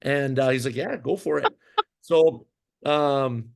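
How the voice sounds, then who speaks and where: A man's voice: mid-range voice, slow pace, creaky. A man, a former pro hockey goalie, telling a long story in a casual interview, full of fillers and restarts. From Minnesota. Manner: animated, rambling storyteller with many fillers and restarts.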